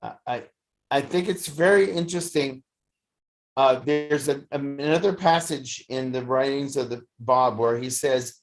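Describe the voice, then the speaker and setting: Study class teacher, lecture, very slow pace, halting, many fillers. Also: medium pitch. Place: study session streamed on video call.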